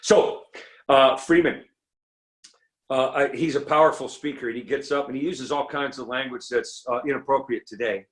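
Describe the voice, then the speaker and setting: A middle-aged man speaking at a recovery meeting, telling comic stories with lively, acted-out quotes. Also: moderate pace. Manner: animated storyteller, acts out quotes in a higher voice. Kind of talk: comedic recovery talk.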